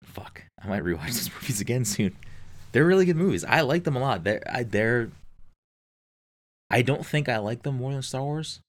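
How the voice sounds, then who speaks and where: A man's voice: mid-range voice, animated, moderate pace. A man chatting casually and enthusiastically, swearing often and using lots of fillers. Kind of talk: casual podcast chat.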